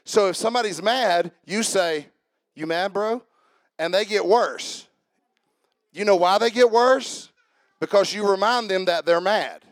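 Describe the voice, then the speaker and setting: A pastor delivers a sermon in a fairly high male voice that sits close and dry on the mic. He keeps it lively and conversational, calling out to the congregation and pulling people up front. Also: measured pace, dry recording. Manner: lively, interactive, calls on the congregation. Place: church.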